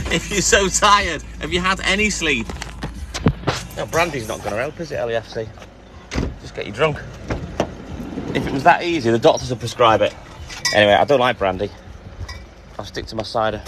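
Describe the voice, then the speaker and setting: A hoarse man chatting calmly to viewers on a live stream from inside his van. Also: background noise. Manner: keeping his voice calm and low, chatting to viewers. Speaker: livestreamer. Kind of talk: casual live-stream chat.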